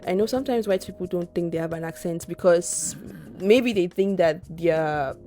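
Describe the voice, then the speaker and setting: A woman's voice: on the low side, normal speed, mellow, soft background music. A young adult Nigerian woman co-hosting a podcast, speaking in an earnest, reflective way with frequent restarts. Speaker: podcast co-host. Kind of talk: casual podcast chat.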